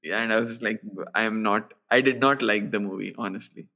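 A man's voice: on the low side, fairly even intonation, brisk, pushed and bright. A man co-hosting a podcast, giving frank, blunt opinions in a casual chat about films. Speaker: podcast co-host.

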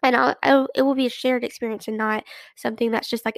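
A woman's voice: fairly high pitch, little pitch movement, fairly quick, vocal fry, no echo. A young woman hosting a casual solo podcast, chatty and rambling, full of fillers and restarts. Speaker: podcast host.

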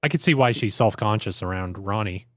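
Easygoing male podcast co-host, lower voice, dry recording. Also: brisk, a bit bright, no room sound. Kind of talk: casual chat.

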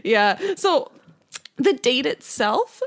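A woman's voice: sits high, sing-song, very slow. Chatty young woman telling dating stories. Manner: rambling, heavy use of "like", laughs while telling stories. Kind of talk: casual storytelling chat.

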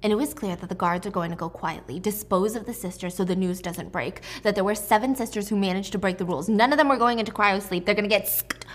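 A woman's voice: medium pitch, quick pace. A woman casually recapping a film's plot in a chatty, dramatic way, with casual swearing. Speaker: movie recap vlogger.

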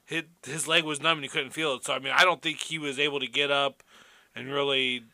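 A man co-hosting a podcast, animated and giggly, talking loosely and saying "like" a lot. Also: mid-range voice, a little fast, no room sound. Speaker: podcast co-host. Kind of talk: casual chat.

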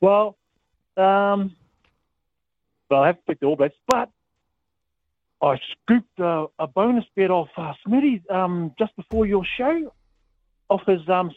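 A New Zealand-accented man phones in to a radio show, and his voice sits unusually high. He talks in an excitable, rambling way and exclaims a lot. The line is thin and phone-like, with no room sound. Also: a little slow, pauses often, no room sound. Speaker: caller. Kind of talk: casual phone call to radio.

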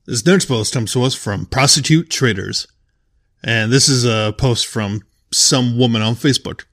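A man's voice: medium pitch, moderate pace, fairly bright tone. A young man hosting a casual podcast, reading posts aloud and ranting about them with frequent swearing. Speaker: podcast host.

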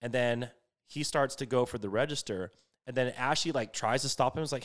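Swearing, animated young man telling a story. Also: mid-range voice, moderate pace. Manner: animated, swears a lot, many fillers. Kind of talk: casual storytelling.

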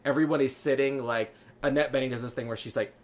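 A man's voice: mid-range voice, steady tone. A man with a mid-range voice talks through a film with eager enthusiasm. He piles on fillers and slips into little impressions of the characters as he goes. It sounds like casual podcast banter between co-hosts. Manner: enthusiastic, fast, many fillers, acts out lines. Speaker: podcast co-host.

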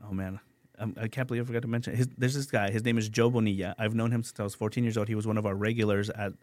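A man's voice: lowish voice, racing, dry recording. A man, a restaurant owner, chatting as a guest on an interview show, eager and stumbling over repeated words. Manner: enthusiastic, repeats words when excited. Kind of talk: casual interview chat.

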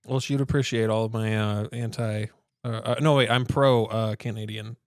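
A man's voice: fairly low pitch, fairly even intonation, no echo, clean studio sound. Joking, teasing male podcast co-host. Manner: joking, teasing and halting, full of fillers. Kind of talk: casual chat.

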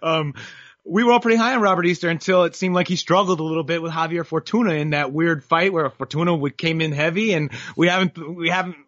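A man's voice: on the high side, steady tone, quick pace, a bit bright, dry recording, muffled recording. A man talking boxing as a guest, opinionated and rambling with frequent restarts. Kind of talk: casual chat.

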